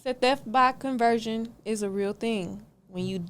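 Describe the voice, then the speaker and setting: A woman, a podcast guest telling a story in a punchy, slangy, animated way. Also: a little high, measured pace, clear, resonant tone. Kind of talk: casual storytelling.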